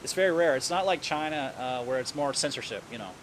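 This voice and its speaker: A man's voice: mid-range voice, expressive, fast talker. Southern-accented man in a noisy restaurant. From southern United States. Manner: rambling, repeats words while thinking. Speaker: guest, news editor. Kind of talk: casual interview chat. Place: Indian restaurant.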